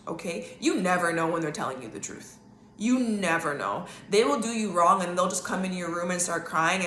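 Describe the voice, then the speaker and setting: A candid woman host tells a story at home in a rambling, emphatic way, often checking in with "okay?". Her voice sits a little low but sounds bright and forceful. The room around her is echoey, with faint ambience behind her. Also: slight background noise. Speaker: podcast host. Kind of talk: casual storytelling monologue.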